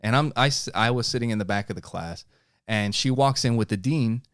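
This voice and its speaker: A young man with a New York accent, telling a profane, animated story in casual podcast chat and acting out the quotes. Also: medium pitch, fairly quick, clean tone, no echo, studio quality. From New York (Queens). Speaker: podcast host.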